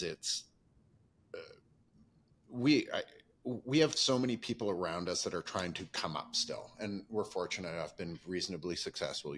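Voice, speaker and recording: Deep and husky with a fairly bright tone, this man in his fifties hosts a podcast. He talks candidly and at length about his own life, reflective and rambling in a casual way.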